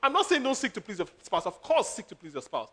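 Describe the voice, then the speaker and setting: A man preaching a sermon as a pastor, animated, laughing and acting out quotes. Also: sits high, fast.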